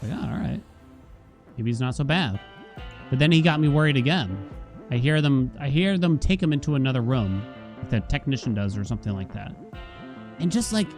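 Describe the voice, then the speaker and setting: During a casual gaming stream, a man with a somewhat high, somewhat mellow voice chats away. He tells stories conversationally and performs the quotes in them.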